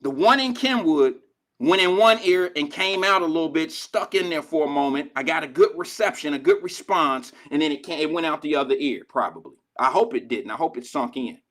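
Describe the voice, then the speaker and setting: Older male radio host, slightly high voice, loose profane street-slang monologue. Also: lively intonation, brisk, a bit bright. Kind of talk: casual talk radio monologue.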